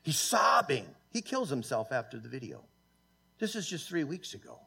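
A man with a fairly high voice preaches in a church, swinging from loud, pressing peaks down to low, quiet asides. He stumbles through fillers and restarts as he goes. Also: sing-song, creaky, breathy edge. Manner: halting, with many fillers and restarts. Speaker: pastor. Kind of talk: sermon. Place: church sanctuary.

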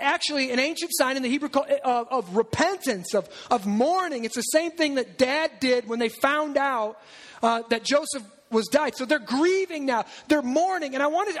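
A man delivers a sermon with a strikingly high voice. He talks to the congregation in a loose, conversational way, tossing in asides and acting out little quotes as he goes. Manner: animated, conversational preaching with asides and acted-out quotes. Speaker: preacher.

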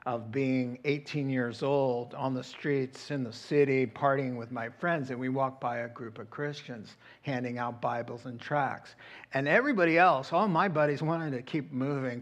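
A middle-aged man preaching a sermon as pastor, animated and acting out quoted voices. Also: medium pitch, measured pace.

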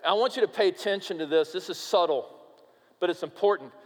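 A man preaching a sermon as pastor, emphatic and animated, sometimes dropping to a quiet, earnest tone. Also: high-pitched, fairly quick. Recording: long reverb of a large hall.

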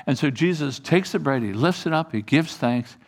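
A man preaching a sermon as pastor, animated and folksy, acting out short bits of dialogue. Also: on the high side, moderate pace.

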